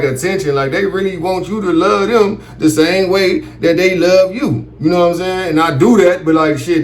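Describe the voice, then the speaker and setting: A man's voice: high-pitched, roomy sound. A man telling a comic story casually, profane and loose, often asking "you feel me". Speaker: comedic storyteller.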